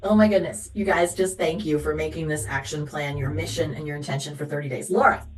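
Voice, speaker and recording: A woman's voice: low voice, a little fast, crowd noise. A woman sales director leading a motivational team call, chatty, upbeat and encouraging as she coaches her team. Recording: roomy, echoey recording.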